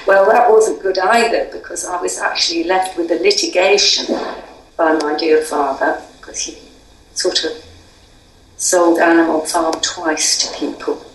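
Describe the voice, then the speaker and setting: An older woman speaks with a fairly low voice, chatty and wry, stumbling over fillers. She sounds set back from the mic, with noticeable room echo around her. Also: steady tone, a little slow, recorded from a distance, slight background noise. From England. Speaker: interviewee. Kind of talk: conversational interview.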